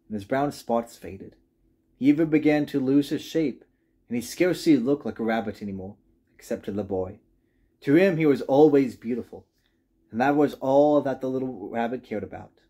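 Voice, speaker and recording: A man reading a children's storybook aloud with gentle, expressive narration. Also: mid-range voice. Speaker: reader.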